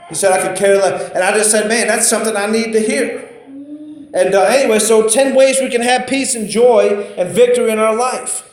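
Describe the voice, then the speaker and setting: High-voiced preacher in an echoey room. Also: male voice, fairly even intonation, normal speed. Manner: conversational, storytelling, repeats himself. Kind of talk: informal sermon.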